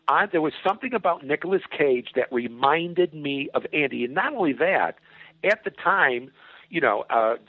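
An older man tells a long showbiz story down a tinny phone line, his voice husky and dry. He swears freely and acts out other people's lines, his pitch swinging widely as he goes. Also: animated, moderate pace, no echo. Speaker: comedy writer and producer, guest. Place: at home. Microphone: telephone.

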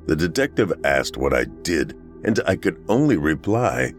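A man with a very low voice reads a first-person horror tale in a somber, measured way. His pitch swings widely as he tells it. Soft music plays faintly underneath. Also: big pitch swings. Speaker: horror story narrator. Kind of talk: scripted horror narration.

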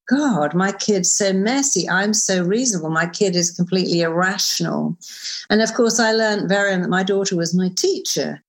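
A middle-aged woman who is a therapist and author, speaking as an interview guest in an animated, emphatic way with quick asides. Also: lowish voice. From United Kingdom. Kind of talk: conversational interview.

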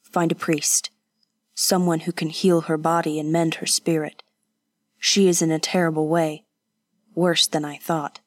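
Brief: woman narrator playing a calm, practical young swordsman in an audiobook, lowered voice, measured. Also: no echo. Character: young Japanese man, a steady, practical traveler.

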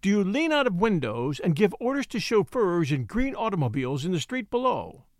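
A man puts on a brash thirty-year-old shop girl with a sharp tongue and slangy, bossy talk, pitched higher than his own voice and swinging lively through each line. The read is close and dry, with no room sound. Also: brisk, dry recording. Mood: cutting.

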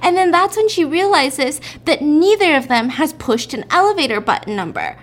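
A woman's voice: high voice, very animated, normal speed. A woman chatting and laughing as she retells a story while cooking in a home kitchen. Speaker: vlogger.

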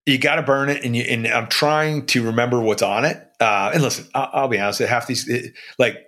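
A man's voice: medium pitch, steady tone, brisk, sharp tone. A man telling a story about his undercover past in a blunt, profane, casual way, as a podcast guest.

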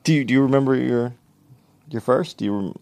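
A man's voice: mid-range voice, gravelly, dry recording. A man co-hosting a podcast in casual chat, stammering and restarting as he tells a story. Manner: halting, stammering, animated. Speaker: podcast co-host.

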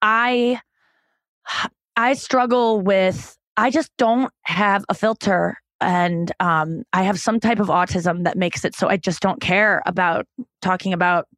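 A woman's voice: mid-range voice, fairly even intonation, a little slow, fairly bright tone, dry recording. A woman comedian speaking as a podcast guest in a mid-range voice. She talks frankly and rambles, with many fillers and restarts. The mic is close and dry. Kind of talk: candid conversational interview.

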